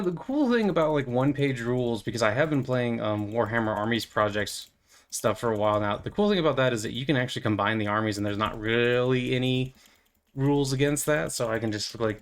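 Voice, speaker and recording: A young man hosting a gaming channel, rambling playfully through casual commentary as he plays, with lots of fillers and goofy asides. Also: mid-range voice. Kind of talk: casual commentary while playing.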